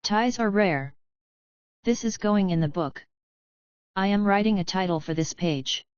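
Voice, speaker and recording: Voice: mid-range voice, expressive, measured pace, clear, resonant tone, no room sound, highs cut off, lightly acted. A woman voicing a young male dragon who keeps a record book, matter-of-fact.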